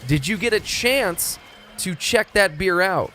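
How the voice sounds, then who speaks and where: A man's voice: sits high, expressive, unhurried, pushed and bright, a little hiss or hum. A young man from Texas, chatting casually and profanely on a live stream. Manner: rambling, profane, laid-back.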